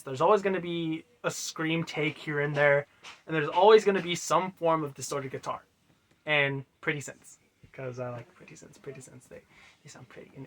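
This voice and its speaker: A man casually explaining how he made his own song, rambling loosely with many fillers and quiet trailing asides. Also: fairly high pitch. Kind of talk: casual music breakdown.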